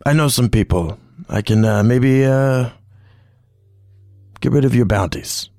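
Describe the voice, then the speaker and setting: A man voicing a scheming older alien pirate, a father who talks smooth and sly. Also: medium pitch, measured pace, darkish tone, dry recording, studio quality, faint music behind, lightly acted.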